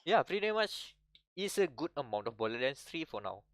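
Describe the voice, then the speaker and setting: Co-host casting: guy, smooth clear voice, loose rambling gamer chat, dry close sound. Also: mid-range voice, big pitch swings, a little fast, fairly bright tone, no room sound. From Malaysia. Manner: rambling, many restarts and laughs. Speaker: podcast co-host. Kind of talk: casual gaming chat.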